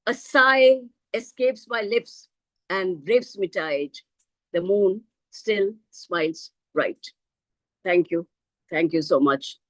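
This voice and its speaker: A woman's voice: medium pitch, takes it slowly, no echo, low-quality recording. A middle-aged woman reciting her own poem expressively over a video call. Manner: expressive, shifts into a child's voice for quoted lines. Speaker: poet. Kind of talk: poetry recital.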